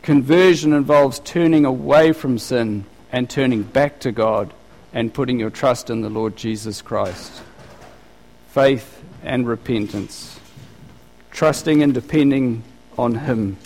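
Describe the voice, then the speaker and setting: A man's voice: medium pitch, slow, a little mellow. A middle-aged man preaching a sermon in a conversational way, asking the listeners many rhetorical questions. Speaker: pastor. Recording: long hall reverb.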